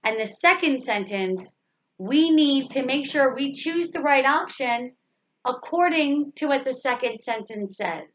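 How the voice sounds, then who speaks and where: Slow, high-voiced woman teaching grammar. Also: animated, a bit bright, a little hiss or hum. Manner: patient, repeats sentences and asks rhetorical questions. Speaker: English teacher. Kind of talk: slow grammar lesson explanation. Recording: slightly dull lo-fi recording.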